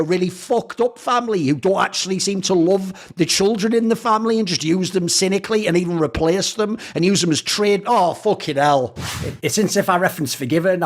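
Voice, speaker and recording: Fast, animated man ranting. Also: high voice. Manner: fast, profane, sarcastic, mocking voices. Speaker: esports commentator and video host.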